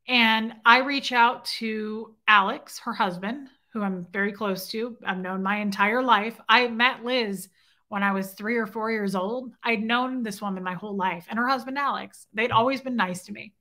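An outspoken woman tells a story straight to camera in a bright, forceful voice. She talks indignantly, swears casually and keeps asking her viewers "right?" as she rambles along. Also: a little high, a little slow. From grew up in Scientology. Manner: rambling, loops back with "okay?" and "right?". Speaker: vlogger telling a personal story.

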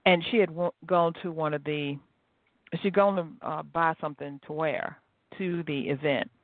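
A woman podcast host giving a chatty, animated motivational talk, telling stories to her listeners. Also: low voice, normal speed, no echo. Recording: tinny phone-like line, dry.

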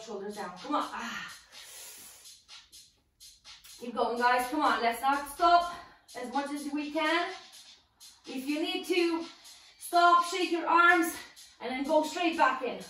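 A woman's voice: a little high, bright, forceful tone, echoey room, recorded from a distance, poor audio. Breathless woman coaching a home workout. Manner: encouraging, counts down and cheers on while exercising. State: out of breath from exercising along. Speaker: fitness instructor.

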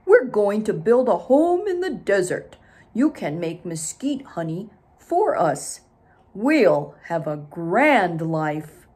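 Lady reading as a big friendly bear, slow and loud, kinda dreamy. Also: medium pitch, sing-song, slightly rough, exaggerated voice. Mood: inviting.

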